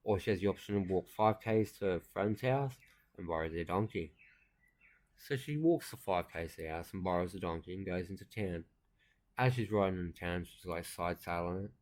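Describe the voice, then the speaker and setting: A man with a loud, ranting way of talking, swearing through crude casual banter and jokes as co-host. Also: deep voice, normal speed.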